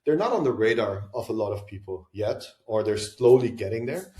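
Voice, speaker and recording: A man from Lebanon with a low, warm, mellow voice answers a podcast host's questions in a relaxed, reflective way. He thinks aloud, adds asides and restarts his sentences. The room around him is noticeably roomy and echoey. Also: brisk. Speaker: podcast guest, venture investor. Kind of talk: conversational interview answers. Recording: roomy echo.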